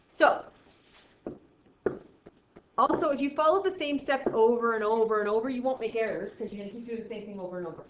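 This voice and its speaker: A woman's voice: medium pitch, slight background noise. A woman teaching a math class in a classroom, playful and jokey, with exaggerated asides. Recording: echoey classroom, dull lo-fi sound.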